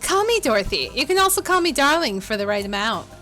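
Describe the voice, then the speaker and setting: Woman reading a playful, high-voiced flirt for a game read-through. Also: big pitch swings, fast talker, bright, forceful tone, soft background music, full character voice. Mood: teasing. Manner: playful, teasing.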